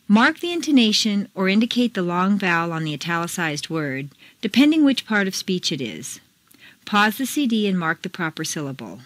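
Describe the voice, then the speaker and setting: A woman reading scripted pronunciation drills as a teacher, slow and deliberate, contrasting word stress. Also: lowish voice, dry recording.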